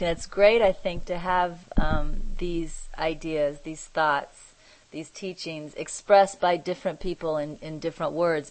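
A woman leading an online spiritual group, who talks in a measured, thoughtful way and pauses to search for her words. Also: lowish voice, darkish tone, no echo, rough recording. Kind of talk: reflective spiritual teaching.

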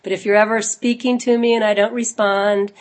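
A woman with a cold, her voice low and husky. She hosts an online spiritual gathering from a computer at home, talking in a loose, chatty way full of fillers and small asides. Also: level tone, brisk. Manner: chatty, informal, with frequent fillers and small laughs. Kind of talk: casual address to an online group.

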